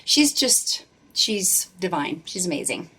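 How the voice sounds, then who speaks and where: A woman vocal coach with a fairly low speaking voice talks through a concert clip. She heaps on praise and keeps restarting her sentences as she gets excited about the singer's tone and control. Her delivery is casual and heartfelt. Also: takes it slowly, soft background music. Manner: effusive, gushing praise with frequent restarts. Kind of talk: reaction commentary.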